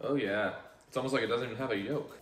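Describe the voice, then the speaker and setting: A man's voice: medium pitch, fast talker, roomy sound, recorded from a distance, a little hiss or hum. A man hosting a casual cooking vlog in a home kitchen, joking and self-deprecating as he rambles through the recipe.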